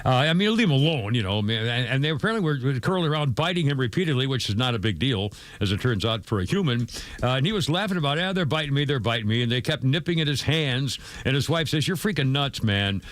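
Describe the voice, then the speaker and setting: A man's voice: mid-range voice, expressive, fast talker, no room sound. A man hosting a talk radio show, rambling through the news with many stammers, restarts and asides. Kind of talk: casual talk radio commentary. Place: radio studio. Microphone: studio microphone.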